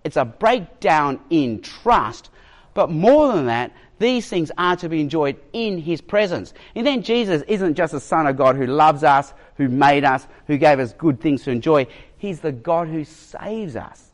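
Man, pastor, sermon, emphatic, storytelling, fairly high voice, lively pitch. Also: a little slow. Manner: storytelling, emphatic, varies his pace.

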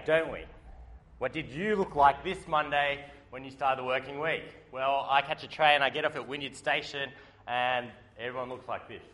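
A man giving a sermon, telling a story in a lively, humorous way. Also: on the high side. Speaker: preacher. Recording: faint background noise.

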